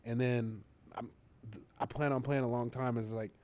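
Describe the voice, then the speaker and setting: A man's voice: mid-range voice, fairly even intonation, moderate pace, darkish tone. A young man, a football player, talking casually in an interview, rambling with fillers and restarts and laughing easily.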